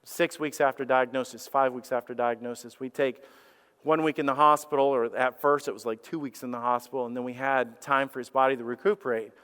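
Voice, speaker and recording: A middle-aged man preaching a sermon, telling a personal story with animated restarts and acted-out quotes. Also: medium pitch, brisk, clean tone. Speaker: pastor. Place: church sanctuary. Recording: reverberant church hall.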